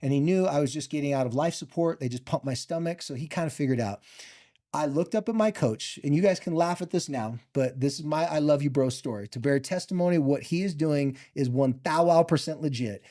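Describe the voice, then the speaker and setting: A man and former football player telling a personal story in an animated, heartfelt way. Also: on the high side. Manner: animated, heartfelt, fast bursts. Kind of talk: emotional storytelling.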